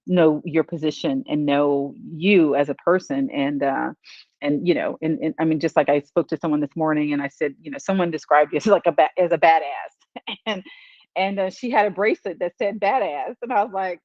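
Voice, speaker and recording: A man's voice: on the high side, fairly even intonation, brisk, no room sound, lo-fi sound. A man hosting an interview, talking casually with lots of you-knows and restarts. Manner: rambling with many fillers and restarts. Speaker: interview host, event organizer.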